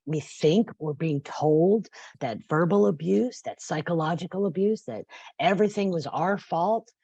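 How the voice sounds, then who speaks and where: A woman's voice: lowish voice, measured pace, mellow, husky, dry recording. A woman in her fifties speaking as a podcast guest, passionate and emphatic, sometimes tearful. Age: 50s. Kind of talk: podcast interview.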